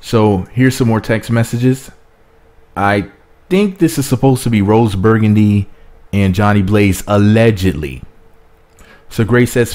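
A man's voice: on the low side, unhurried, pauses often, a little mellow. A man hosting a gossip commentary, casually reading out posts in a wry, offhand way with some hesitation. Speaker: entertainment gossip host.

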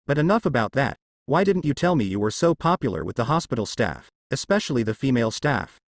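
A playful young woman ninja who loves to tease, as a man reads her lines. Her voice rises a little and moves with lively ups and downs, recorded dry and close. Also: medium pitch, fairly quick, dry recording. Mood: teasing. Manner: teasing, cheery.

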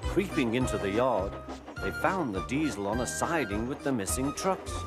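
Brief: male storybook narrator, gentle and animated. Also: medium pitch, normal speed, over loud music.

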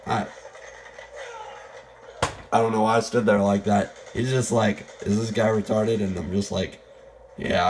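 A man's voice: on the low side, gravelly, darkish tone, a little hiss or hum. A young man with a voice that is fading from illness, rambling and joking at his own expense while commentating on a shooter game. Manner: rambling, self-deprecating, jokey. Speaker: gameplay commentator. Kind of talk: live gameplay commentary.

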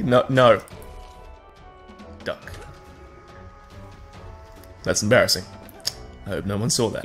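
Brief: male gameplay commentator, sarcastic and excitable, big pitch swings, light music bed. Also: takes it slowly, pauses often. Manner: sarcastic, swearing, animated reactions to the game. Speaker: let's play host.

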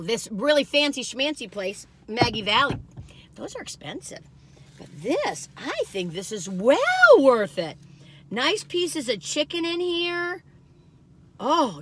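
A chatty, excitable woman, reviewing food from her parked car and talking as she eats. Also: mid-range voice. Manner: chatty, excitable, folksy, talks while eating.

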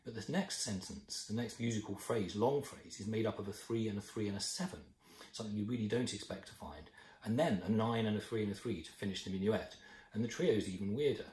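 A man's voice: lowish voice, fairly quick, a little mellow, echoey room, rough recording. A man with a British accent giving a thoughtful, explanatory music lesson from his home. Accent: British English. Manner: thoughtful, explanatory, counts beats aloud. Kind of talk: informal music lesson to camera. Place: room at home.

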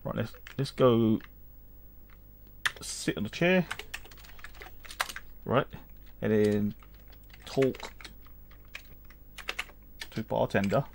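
A man's voice: lowish voice, drawn-out words, vocal fry, long pauses, a little mellow, slight background noise. A man giving casual let's-play commentary, reading game text aloud, rambling, humming and chuckling as he goes. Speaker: gaming channel host.

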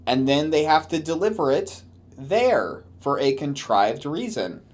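A man's voice: on the high side, very animated, a little slow. A man giving comedic commentary on a story he is reading along with, sarcastic and swearing as he mocks it. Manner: sarcastic, swearing, mocking rants. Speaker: commentary host.

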